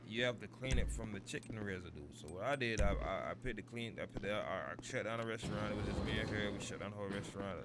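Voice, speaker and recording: Talking quickly on the low side with hardly any pauses, a gaming streamer in his thirties rambles through a long story over gameplay, repeatedly asking "you feel me." The audio is very noisy.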